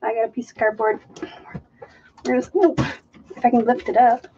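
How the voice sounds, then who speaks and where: Her voice sits on the high side and stays mellow, with little pitch movement and a moderate pace. Hosting a live painting stream from her carpeted home art room, she chats with viewers, laughs frequently, and teases herself; the stream audio is dull and lo-fi, with slight background noise.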